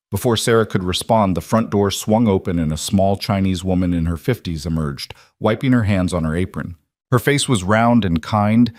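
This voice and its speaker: A man narrates a frontier story with a steady, dramatic pace. His voice sits on the low side. It is recorded close and dry, with no room sound. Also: no echo.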